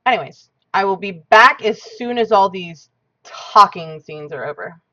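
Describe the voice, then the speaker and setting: A woman game streamer giving quiet, hesitant live stream commentary. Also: medium pitch, expressive, slow pace, no echo, muffled recording.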